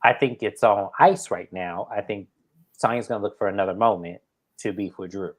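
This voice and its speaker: A man's voice: fairly low pitch, moderate pace. A man co-hosting a reality TV review in casual chat, reasoning through the drama bluntly with slang.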